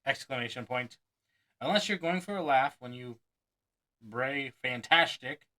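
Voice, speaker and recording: Male magician, bright tone, reading a book aloud with chatty asides and chuckles. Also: medium pitch, expressive, unhurried, rough recording. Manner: chuckles often, breaks off to add his own asides; acts out quoted lines with mock enthusiasm.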